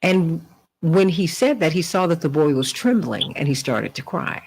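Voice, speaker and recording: A woman hosting a radio talk show, telling stories with lively, rising delivery. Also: normal speed, slightly rough, rough recording. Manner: animated storytelling, rising pitch in quotes. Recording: radio broadcast.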